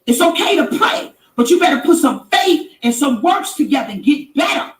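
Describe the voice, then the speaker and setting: A woman hosting a live stream, giving an emphatic preaching-style motivational talk that repeats phrases and rises to shouts. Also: sits high, big pitch swings, moderate pace, recorded from a distance. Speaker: inspirational live-stream host. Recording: echoey room, off-mic with background noise.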